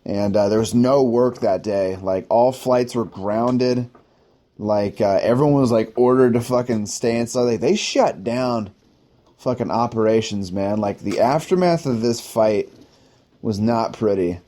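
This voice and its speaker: A man tells a personal story in a loose, rambling way, his speech packed with swearing and filler words. His voice is mellow and dark, and he sometimes laughs at himself. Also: mid-range voice, unhurried. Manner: rambling, profane, heavy use of "like". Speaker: podcast host telling war stories.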